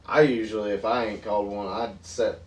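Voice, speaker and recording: A man's voice: on the low side, fairly quick. Man telling hunting stories in a roomy space. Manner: animated storyteller, laughs and yells mid-story. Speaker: podcast co-host. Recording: roomy, distant mic, faint background noise.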